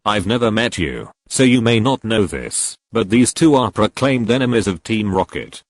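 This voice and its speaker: Smirking, taunting young thug, low voice, dry sound, read by a man. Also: lively intonation, normal speed, no echo. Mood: sneering. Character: sneering arrogant young male gang thug.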